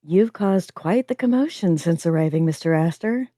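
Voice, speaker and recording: A woman voicing a polite, sinister male doctor as she reads a story aloud, in a soft and courteous tone. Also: fairly low pitch, animated, normal speed, no room sound, clean studio sound, voice pushed down, close to an everyday voice. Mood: silkily polite.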